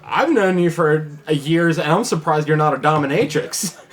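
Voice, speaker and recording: A man's voice: a little high, moderate pace. A man joking crudely in a casual group podcast chat.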